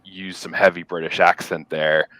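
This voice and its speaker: A man from the American South in casual podcast chat, halting and restarting his sentences. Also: low voice, flat delivery, pushed and bright.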